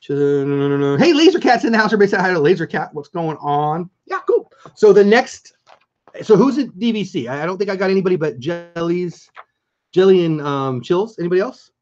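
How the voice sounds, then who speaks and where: A man's voice: sits high, lively intonation, brisk, a little mellow, lo-fi sound. A man hosting a casual livestream, chatting enthusiastically and greeting viewers by name as he talks.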